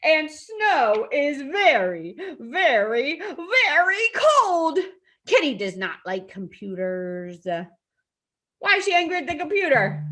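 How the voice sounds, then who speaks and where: A woman's voice: medium pitch, sharp tone. A woman teaching an online preschool class, reading a storybook aloud and gasping and asking the children questions. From lives in a hot desert city in the US west.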